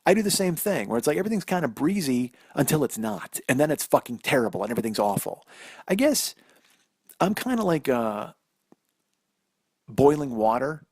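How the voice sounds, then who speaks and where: A forties-aged man hosting a podcast rambles through a story from his own life, cursing freely and running himself down. He speaks at a moderate pace in a mid-range, sing-song voice with some breathiness. It was recorded on a phone, but the sound is echo-free and studio grade.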